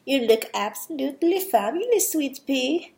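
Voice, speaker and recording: A sweet, doting mother figure from a storybook, read out by a woman. Her voice is raised and lilting, slow and fond as she praises her daughter. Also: high-pitched, very animated, darkish tone, voice pushed up. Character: warm doting Dutch mother.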